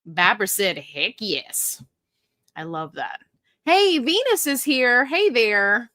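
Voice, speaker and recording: A woman's voice: fairly high pitch, big pitch swings, slow, pushed and bright, no echo, clean studio sound. A woman hosting a casual live stream, chatting and greeting viewers by name in a bubbly, upbeat way. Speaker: livestream host.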